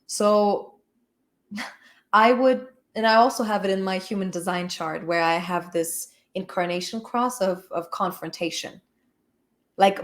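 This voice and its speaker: A woman who teaches spiritual healing, telling a personal story in a frank, emphatic way with casual swearing. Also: mid-range voice. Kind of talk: candid personal talk.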